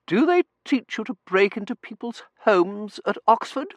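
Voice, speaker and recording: A man's voice: sits high, sing-song, moderate pace, dry recording, muffled recording, voice pushed up. A man voicing a haughty, frosty Victorian matron who speaks with icy disdain. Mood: indignant.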